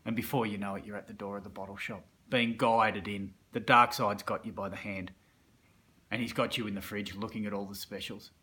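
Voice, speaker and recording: A man's voice: lowish voice, steady tone, a little fast, pushed and bright. An Australian man coaching on self-improvement through colloquial, vivid storytelling, acting out scenes as he goes. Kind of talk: motivational storytelling.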